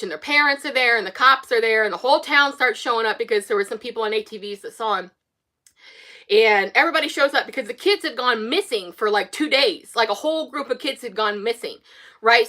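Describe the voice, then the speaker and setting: Female film-commentary host, bright, rambling and earnest delivery. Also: a little high. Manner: rambling, retells scenes with many fillers and restarts; earnest and emotionally invested. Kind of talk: casual spoken film analysis.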